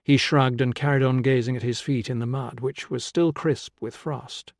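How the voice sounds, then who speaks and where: A man reading an audiobook in a measured, even storytelling voice at a middle pitch. The studio sound is close and very dry, with no room in it. He reads steadily and keeps the story moving. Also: dry recording. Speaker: audiobook narrator. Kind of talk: scripted narration.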